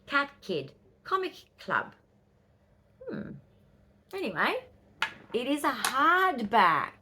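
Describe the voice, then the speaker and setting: A woman in her fifties with an Australian accent, chatting casually in a vlog and telling stories with quick, excitable asides. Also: lowish voice, slightly rough. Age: 50s. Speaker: vlogger. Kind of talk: casual chat.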